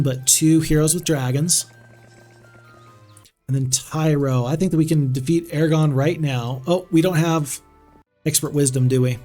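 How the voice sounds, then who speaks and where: A man's voice: a little high, a little mellow. A man streaming a strategy game, chatting loosely with viewers and reading their messages aloud, with many fillers and restarts. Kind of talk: casual gameplay stream chat.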